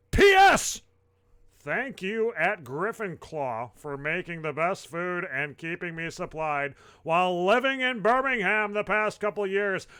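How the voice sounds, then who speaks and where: A man's voice: high-pitched, sharp tone, smooth. A man hosting a joking livestream, playful and laughing often as he reads posts aloud. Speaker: host.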